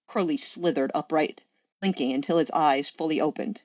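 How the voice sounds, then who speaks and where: A woman reading her own story aloud at an online party, with an animated, expressive delivery. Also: low-pitched, normal speed, no echo, lo-fi sound. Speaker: fanfiction reader.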